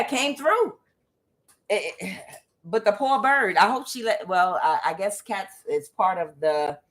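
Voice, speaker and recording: A woman's voice: mid-range voice, sharp tone, rough recording. A woman reading tarot cards, talking casually at home, rambling with many fillers. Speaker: tarot reader. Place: home with door open.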